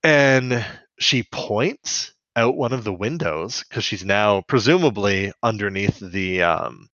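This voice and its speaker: A man's voice: lowish voice, expressive, slow, fairly bright tone, dry recording, lo-fi sound. A man co-hosting a podcast, casually recapping a cartoon episode in a rambling way with lots of fillers and laughs. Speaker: podcast co-host.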